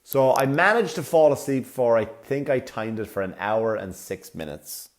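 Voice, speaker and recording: A man, a comedy podcast host from Ireland, telling a sarcastic, profane travel story with animated delivery. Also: medium pitch, normal speed. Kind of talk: comic storytelling.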